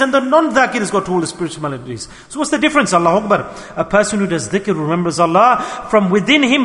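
High-voiced male preacher in a reverberant hall. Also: big pitch swings, quick pace, few pauses, a bit bright. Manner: earnest, repetitive, rhetorical questions. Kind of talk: storytelling sermon.

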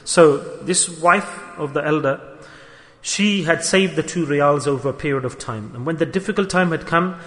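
A man with a fairly high voice delivers a storytelling sermon, earnest and repetitive, pressing his points with rhetorical questions. His words ring out with a long reverb, as if in a large hall. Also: normal speed, fairly bright tone. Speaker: preacher.

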